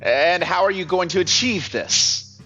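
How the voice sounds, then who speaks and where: A harsh male office boss with a French accent, barking orders and insults like a drill sergeant, as a man puts him on for a game. The delivery is high, loud and animated, swinging widely in pitch. The sound is a bit dull and lo-fi. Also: unhurried, soft background music, exaggerated voice.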